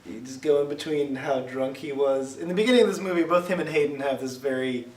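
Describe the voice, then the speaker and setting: A man co-hosting a casual movie review podcast, joking and acting out scenes in quick put-on voices. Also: mid-range voice. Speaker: podcast co-host. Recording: roomy, distant mic with faint noise.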